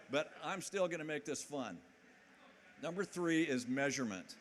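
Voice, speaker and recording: A man's voice: on the high side, lively intonation, moderate pace, a little hiss or hum. A man giving a motivational conference talk to a live audience in a hall. He talks energetically, jokes and keeps asking the crowd questions. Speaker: conference speaker.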